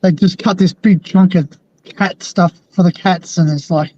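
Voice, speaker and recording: A man's voice: sits high, steady tone, measured pace, highs cut off, crowd noise. A man with an Australian accent, rambling and laughing in casual chat.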